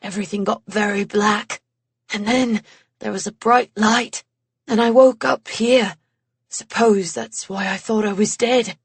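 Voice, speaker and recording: A woman voicing a solid ink creature man with an English accent, soft-spoken and apologetic, overwhelmed by his situation. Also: mid-range voice, fairly even intonation, a little slow, slightly rough, dry recording. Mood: shaken. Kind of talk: audiobook character voice.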